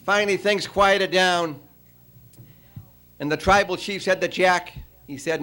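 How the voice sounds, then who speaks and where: Guy with a high voice doing his farewell dinner speech, tells a long joke, lots of uhs. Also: steady tone, pushed and bright. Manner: storytelling, halting with many uh fillers. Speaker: honoree giving farewell speech.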